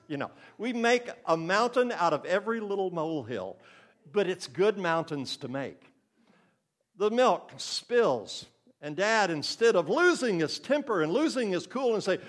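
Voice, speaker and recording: A man's voice: sits high, sing-song, measured pace. An older man preaching a sermon in an earnest, conversational way, now and then acting out the voices of the people in his stories.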